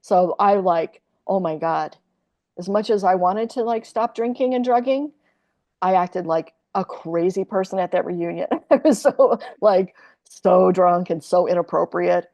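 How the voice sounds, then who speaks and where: A woman's voice: fairly low pitch, steady tone, moderate pace, a little mellow. A woman in her sixties, a podcast guest telling a candid personal story in a rambling, profane way, full of fillers and restarts.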